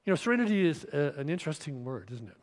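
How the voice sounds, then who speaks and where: A man's voice: on the high side, sing-song, rapid-fire. A man preaching a sermon in a church, getting over a cold with an occasional cough, talking conversationally with restarts and questions to the congregation. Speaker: pastor. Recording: long reverb of a church hall.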